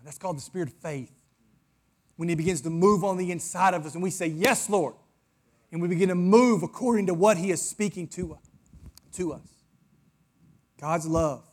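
High-voiced preaching pastor. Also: male voice. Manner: preaching, rising to fervent emphasis. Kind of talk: sermon. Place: church in front of a congregation.

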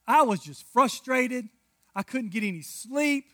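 A male pastor in his thirties preaching with lively storytelling, dropping to hushed asides and then rising to loud bursts. His voice sits high and bright. The sound is close and dry. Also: a little slow, dry recording. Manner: animated storytelling with big swings from hushed to loud. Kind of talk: sermon.

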